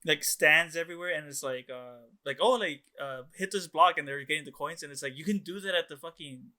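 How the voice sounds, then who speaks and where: Excitable, bright-voiced male co-host. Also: a little high, fairly quick. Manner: excitable, swears freely, acts out quotes. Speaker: podcast co-host. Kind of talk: casual movie review chat.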